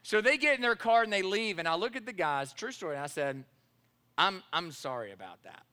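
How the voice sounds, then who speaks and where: A man's voice: sits high, big pitch swings, fast talker, pushed and bright, clean tone. A man, a pastor preaching a sermon and telling a personal story, acting out the dialogue with animation.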